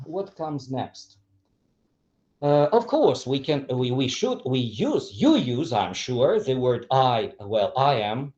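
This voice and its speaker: Ukrainian-accented male teacher trainer, slow and lively, drills phrases with big intonation swings, muffled lo-fi sound. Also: medium pitch. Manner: repeats example phrases with exaggerated intonation, asks "clear?". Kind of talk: lecture to teachers.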